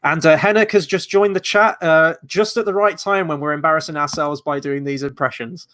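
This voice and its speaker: A man's voice: on the high side, fairly even intonation, a little fast, fairly bright tone. A man co-hosting a film quiz, rambling and joking as he talks. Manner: rambling, jokey. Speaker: quiz co-host. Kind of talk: casual quiz chat.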